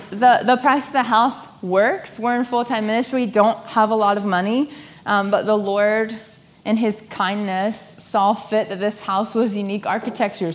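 Young woman, slightly high voice, lively storyteller who voices the people in her story. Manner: animated, laughing, acts out quoted voices. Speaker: speaker sharing a personal story. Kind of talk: storytelling talk.

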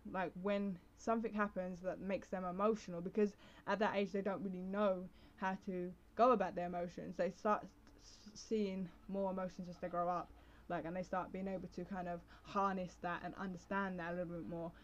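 A woman's voice: on the low side, level tone, brisk, hardly any pauses. Rambling young woman podcaster, lo-fi sound. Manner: rambling, full of fillers and self-interruptions. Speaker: podcast host. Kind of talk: casual solo podcast talk. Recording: slightly dull lo-fi recording.

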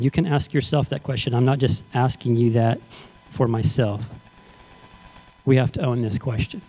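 A man's voice: mid-range voice, fairly even intonation, moderate pace, warm tone, slightly rough. A man preaching a sermon as pastor, talking conversationally and often checking that the congregation is following.

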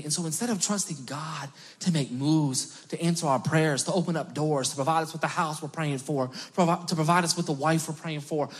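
A man in his thirties, a pastor preaching a sermon at a church service, impassioned and building at times to near-shouting. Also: high-pitched, husky.

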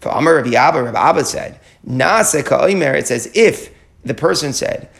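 A man's voice: medium pitch, animated, fairly quick, vocal fry, a bit bright. A man teaching a Talmud study class, walking through the argument step by step, quoting short phrases and translating them, often repeating key words as he goes. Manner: quotes short Aramaic phrases, then translates.

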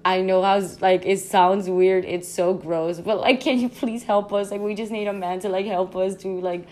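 A young woman hosting a podcast, telling a story in a casual, animated, slangy way, full of "like" and swearing. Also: mid-range voice, normal speed, a little hiss or hum. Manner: animated, slangy, constant "like", swearing, laughs often. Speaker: podcast host.

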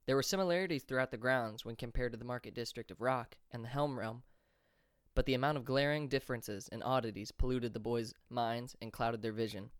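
A man reading a fantasy audiobook chapter as narrator, in a steady, measured way. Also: medium pitch, clear, resonant tone, no room sound, studio quality.

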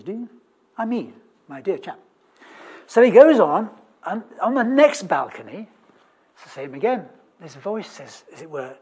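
A preacher giving a chatty, humorous sermon, telling a story with wry asides and questions to the congregation, with many restarts and sudden loud bursts of emphasis. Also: mid-range voice, very animated, normal speed, pauses often, slightly rough. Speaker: preacher in a church service.

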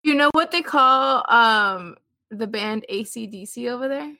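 A woman's voice: a little high, measured pace, sharp tone. A woman joining a podcast chat, a bit shy and hesitant. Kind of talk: casual chat.

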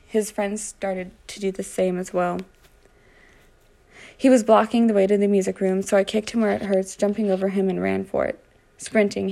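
A woman reading her own first-person story aloud, with dramatic delivery. Her voice is dark and mellow with a gravelly fry, and she sometimes restarts a phrase. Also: mid-range voice.

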